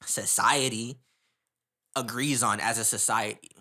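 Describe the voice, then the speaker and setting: A man's voice: mid-range voice, steady tone, unhurried, pushed and bright. A young man from Canada, telling a story in casual chat, rambling with slang and frequent laughter.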